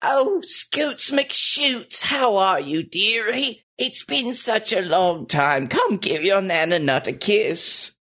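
A woman's voice: medium pitch, animated, slow pace, hardly any pauses, a bit bright. A woman voicing a sweet, doting old grandmother goddess who fusses over her visitors. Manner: doting and fussing.

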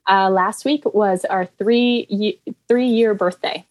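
A woman's voice: mid-range voice, steady tone, slow pace, no echo, rough recording. A woman, a therapy business owner, speaking as a podcast guest in a friendly, upbeat, conversational way. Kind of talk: casual interview chat.

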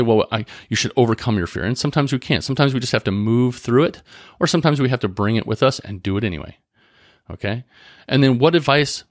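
A man's voice: mid-range voice, no room sound, clean studio sound. A man, a former gym owner, telling a client's story earnestly in a casual motivational talk, often checking in with "right?" and "okay?".

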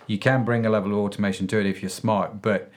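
A man's voice: lowish voice, steady tone, quick pace. A male podcast host who wraps up a casual interview in an upbeat, effusive way and laughs easily.

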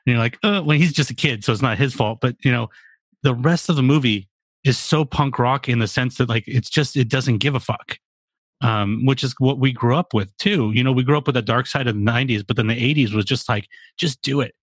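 A man's voice: mid-range voice, brisk, no echo. A man in his forties in a casual podcast chat, rambling and profane with lots of fillers. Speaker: podcast co-host.

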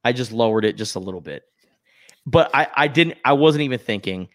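A man's voice: medium pitch, brisk, no echo, clean studio sound. Self-mocking man in casual podcast chat. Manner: self-deprecating, animated storytelling. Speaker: podcast co-host.

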